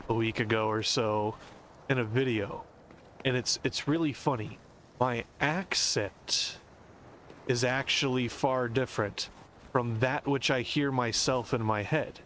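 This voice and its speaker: A man's voice: mid-range voice, slow pace, pauses often, a bit bright, slight background noise. An American man streaming a game, rambling and musing as he explains things at length. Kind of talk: casual rambling commentary.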